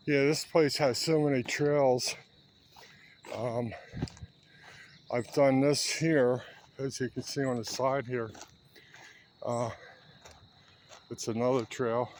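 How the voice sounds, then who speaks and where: Slow-talking man in his seventies. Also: medium pitch, steady tone, a little hiss or hum. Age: 70s. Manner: chatty, rambling, talking while walking. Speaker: vlogger. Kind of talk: casual walking vlog. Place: outdoor park trail.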